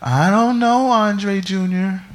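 A man preacher voicing his weary mother in a high, pleading, sorrowful voice during a sermon story. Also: steady tone, takes it slowly. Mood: weary, tearful. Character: speaker's mother, soft-spoken and weary.

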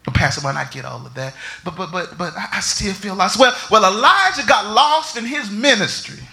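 A man preaching a sermon, swinging between shouts and near whispers. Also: high-pitched, lively intonation, fairly quick, gravelly. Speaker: pastor.

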